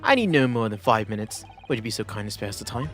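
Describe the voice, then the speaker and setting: A man's voice: fairly low pitch, expressive, fast, fairly bright tone, soft background music. A man doing a theatrical, eccentric detective. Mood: courteous.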